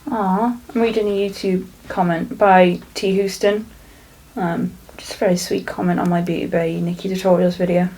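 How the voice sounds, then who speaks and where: A woman's voice: fairly low pitch, little pitch movement, moderate pace, warm tone, slight background noise, poor audio. A young woman from South Wales, chatting and rambling her way through a makeup tutorial at home, swearing freely. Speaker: beauty vlogger. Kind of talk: casual makeup tutorial chat. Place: home, indoors.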